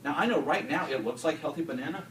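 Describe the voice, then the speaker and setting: A middle-aged male teacher talks through a classroom demonstration in an animated, joking way, often restarting his sentences. He is picked up from a distance in a roomy classroom. Some noise sits under the voice. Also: fairly high pitch, fast talker.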